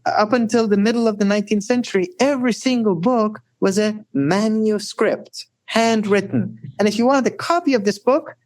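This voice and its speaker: A man telling stories as a guest scholar in a podcast interview, animated and often adding "right?". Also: dry recording. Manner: animated storyteller, rising high for emphasis; frequent "right?" tags.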